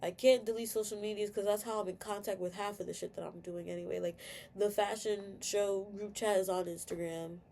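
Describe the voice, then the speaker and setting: A woman's voice: medium pitch, steady tone, a little fast, creaky, dark tone, slight background noise. A young woman venting candidly in a personal video rant, full of fillers and swearing, tearful at times. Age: young adult. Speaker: vlogger.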